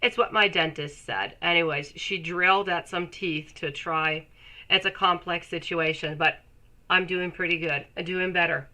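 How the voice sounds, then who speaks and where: A woman with a cold and a stuffy, nasal voice, chatting warmly with her viewers while reading tarot on a live stream. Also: fairly low pitch, steady tone, normal speed, low-quality recording. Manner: chatty, affectionate, laughs often. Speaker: tarot reader.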